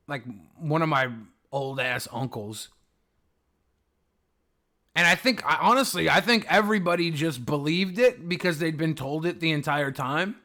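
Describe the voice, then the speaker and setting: A livestream host with a slightly high, somewhat bright voice reads viewer comments and chats casually. His rambling talk is sarcastic and peppered with swearing.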